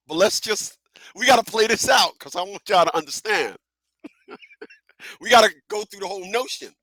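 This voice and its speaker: A man hosting a live talk radio show who talks in an animated, profane way, laughs often and repeats himself. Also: high-pitched, moderate pace, long pauses, no echo.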